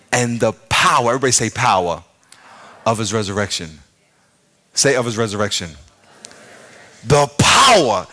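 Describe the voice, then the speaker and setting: A middle-aged man preaching a sermon as pastor, telling a story with shouted sound effects and playful, self-mocking humor. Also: medium pitch. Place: large church.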